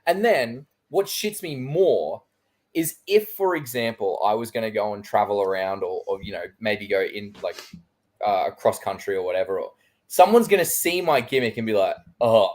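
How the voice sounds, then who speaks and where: An Australian man in casual podcast chat, full of swearing and acted-out reactions. His pitch jumps up sharply when he gets worked up, then drops back to a mid-range, conversational tone. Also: normal speed. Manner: animated storyteller who acts out his own reactions, swears freely. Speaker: podcast co-host.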